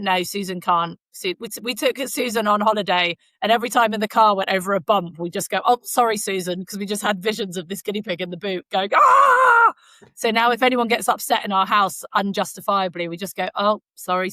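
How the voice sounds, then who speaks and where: A woman's voice: medium pitch, steady tone, fast talker, few pauses, a bit bright, no room sound. A woman, co-hosting a podcast and telling stories in a casual, rambling way with many fillers. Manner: chatty storyteller, frequent fillers. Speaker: podcast co-host. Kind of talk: casual chat. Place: Canada.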